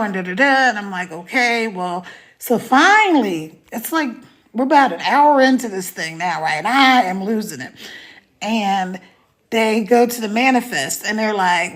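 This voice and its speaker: A woman's voice: medium pitch, lively intonation, unhurried. A woman hosting a live stream, chatting casually, telling a story with laughs and greeting viewers by name.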